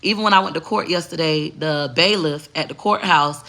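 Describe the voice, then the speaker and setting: A woman's voice: deep voice, moderate pace, fairly bright tone. A middle-aged woman vlogging in brash, emphatic casual talk, repeating her points.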